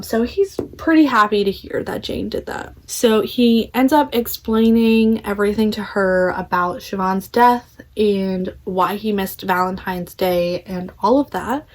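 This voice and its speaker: A chatty young woman with a mid-range voice recaps a novel's plot for her book vlog channel. Relaxed and conversational, she says "like" a lot and slips into quick voices to act out the characters' quotes.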